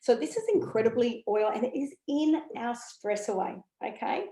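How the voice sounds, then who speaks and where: An essential oil educator talks casually to the camera about her products, sounding enthusiastic and chatty with plenty of ums and okays. Her voice is fairly high, warm, and moderately paced. The room has a noticeable echo.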